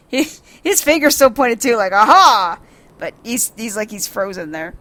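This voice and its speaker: A woman casually narrating a video game for blind viewers, laughing often, swearing, and excitedly describing what happens on screen. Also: fairly high pitch, moderate pace, no echo.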